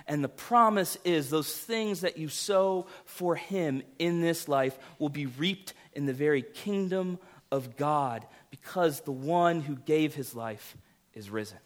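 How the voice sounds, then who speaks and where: A man with a slightly high voice preaches a sermon as pastor. He is earnest and shifts between loud, emphatic lines and quiet, intimate ones. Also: takes it slowly.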